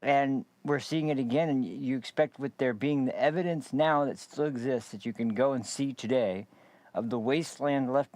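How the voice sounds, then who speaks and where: A man's voice: mid-range voice, darkish tone, dry recording. A man hosting a political commentary show, rambling and sarcastic with many fillers and restarts. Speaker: podcast host.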